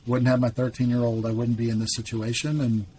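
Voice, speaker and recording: A man's voice: medium pitch, flat delivery, a little fast, mellow, slight background noise. Earnest man telling a heartfelt story. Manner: earnest and emphatic, chuckles while telling. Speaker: podcast guest. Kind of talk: heartfelt personal storytelling in conversation.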